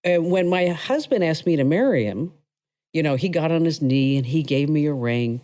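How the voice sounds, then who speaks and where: A woman's voice: sits low, expressive, normal speed, warm tone, no room sound. A middle-aged woman hosting a podcast, telling personal stories in a chatty way and laughing between lines. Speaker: podcast host.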